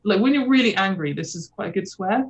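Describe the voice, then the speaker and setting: A British woman joins over a video call as a guest. She talks in a loose, rambling way, wry and full of fillers, with a voice of middling pitch. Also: animated, fast talker, highs cut off. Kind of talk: casual chat.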